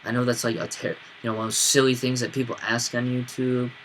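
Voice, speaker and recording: A college-age man rambles through a story in a casual vlog, his voice bright and forward. He stumbles, restarts and fills gaps with "you know" and "like". Faint ambience hums under the recording. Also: medium pitch, level tone, fast, a little hiss or hum. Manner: rambling, lots of fillers and restarts. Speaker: vlogger.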